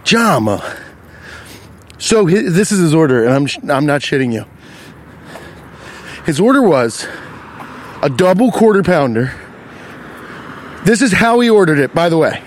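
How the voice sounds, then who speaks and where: A young man on a city street rants into his podcast about a stranger. His voice sits a little high and leaps around with lively swings. He is casual, profane and animated. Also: normal speed, pauses often, a little hiss or hum. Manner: animated, profane, riffs on his own story. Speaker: podcast host. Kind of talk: casual storytelling rant.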